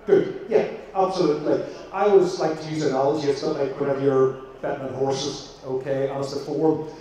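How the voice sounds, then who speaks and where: A man's voice: mid-range voice, steady tone, brisk, dark tone. A man with a Northern Irish accent, a vet giving a jokey presentation to an audience with frequent fillers. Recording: echoey room, distant mic.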